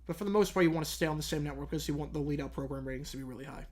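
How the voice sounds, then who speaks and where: A man's voice: on the high side, racing, darkish tone. Young male streamer, casual drowsy Q&A, rambling delivery. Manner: chatty, rambling, self-correcting. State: yawning, drowsy. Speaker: live-stream host answering chat. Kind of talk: casual live commentary and Q&A.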